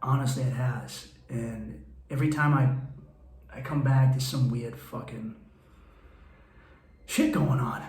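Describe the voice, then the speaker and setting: A man's voice: mid-range voice, slow pace, long pauses. A man who is a comedian and podcast host, telling stories in a blunt, profane and candid monologue. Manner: profane, blunt, animated storytelling. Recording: roomy echo.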